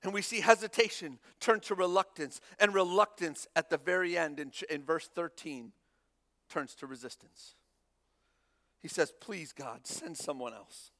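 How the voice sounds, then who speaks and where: High, bright-voiced male preacher. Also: moderate pace. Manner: animated, acts out Bible dialogue in varied voices. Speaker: pastor. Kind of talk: sermon.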